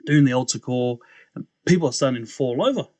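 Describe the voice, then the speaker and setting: A young man, a podcast guest telling his story in a casual, animated way, acting out the voices he quotes and laughing often. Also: medium pitch, fast talker, dry recording.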